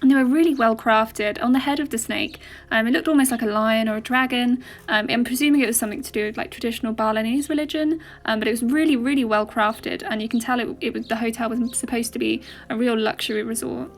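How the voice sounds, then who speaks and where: A woman's voice: on the high side, steady tone, quick pace, few pauses, faint music behind. A young woman narrating a walkthrough of a place in a casual voice-over, with many fillers and restarts. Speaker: travel vlogger.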